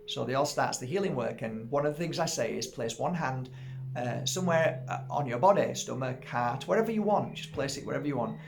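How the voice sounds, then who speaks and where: A middle-aged man telling a personal story in a casual, animated way, acting out what people said and laughing at himself. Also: mid-range voice, vocal fry, a little hiss or hum. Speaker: crystal healer telling a story.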